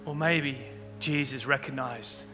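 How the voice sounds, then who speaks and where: A man preaching a sermon as pastor, building to loud emphatic peaks. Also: medium pitch, steady tone, a little slow. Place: church auditorium. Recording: long hall reverb with faint music.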